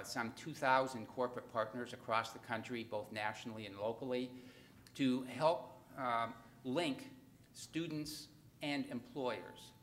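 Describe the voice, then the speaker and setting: A man gives formal, measured remarks as a university leader on a panel. His voice sits in a middle range, with a faint hum of room noise behind him. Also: medium pitch, a bit bright.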